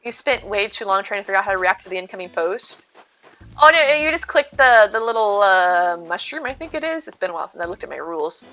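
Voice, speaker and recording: A woman's voice: medium pitch, animated, fast, bright, forceful tone, lo-fi sound, soft background music. A woman streaming a game, chatting casually and rambling to her viewers by name. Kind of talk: casual live-stream chat while gaming.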